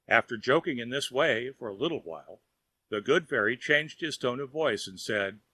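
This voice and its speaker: A man narrating a children's audiobook in a lively storytelling manner. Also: medium pitch, moderate pace, breathy edge, dry recording.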